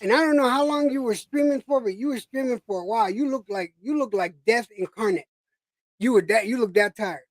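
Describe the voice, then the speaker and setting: Woman chatting casually, blunt and sweary, kinda high voice, dry close mic. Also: brisk, no echo. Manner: blunt and cursing, reassuring tone. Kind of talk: casual chat.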